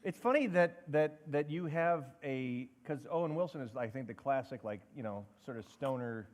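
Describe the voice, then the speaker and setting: A man's voice: mid-range voice, lively intonation, moderate pace, a little mellow. A man co-hosting a comedy show, dry and wry in casual banter, reading out audience questions. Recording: long hall reverb.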